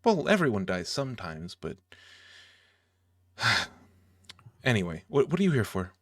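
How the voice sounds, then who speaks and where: A man's voice: on the low side, very animated, a little slow, no room sound, clean studio sound, full character voice. A man voicing a nervous male dwarf librarian who stammers and rambles anxiously.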